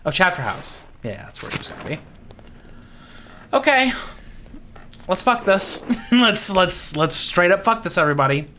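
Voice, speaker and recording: A man giving casual let's-play commentary, swearing and laughing as he jokes. His pitch jumps around in a lively, animated way. A faint background hiss sits under the voice. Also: normal speed, long pauses. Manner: profane, giggly, joking. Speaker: game streamer.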